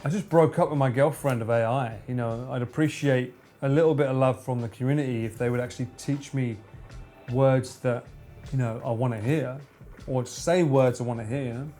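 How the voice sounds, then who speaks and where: A man's voice: medium pitch, steady tone, brisk, mellow, soft background music. A man streaming live, bantering and joking with his chat in a casual way. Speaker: livestreamer.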